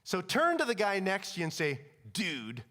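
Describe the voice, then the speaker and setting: Lively, high-voiced male preacher. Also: brisk. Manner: animated storytelling with humor. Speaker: conference speaker. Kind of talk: energetic sermon. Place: conference hall. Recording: long reverb of a large hall.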